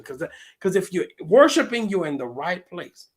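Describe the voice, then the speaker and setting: A man's voice: high-pitched, very animated, a little mellow, husky. A man preaching a sermon as pastor, with speech, drawing out scripture quotes and talking back and forth with the congregation. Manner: preaching with call-and-response asides, quoting scripture in a drawn-out sing-song.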